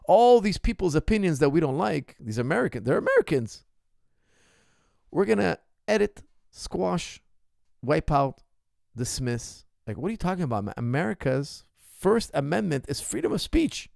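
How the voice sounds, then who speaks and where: A man's voice: on the high side, very animated, normal speed, creaky, darkish tone, dry recording, studio quality. A man hosting a casual question-and-answer podcast as a martial arts coach, talking in a heated, indignant, emphatic way. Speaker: MMA coach and podcast host.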